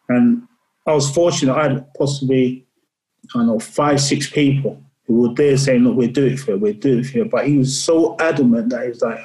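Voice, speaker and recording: A man sits as a guest in a relaxed interview and tells a story in an earnest, unhurried way. He often stumbles and repeats words as he goes, in a voice of ordinary height. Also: mid-range voice, echoey room, poor audio. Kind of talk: casual interview.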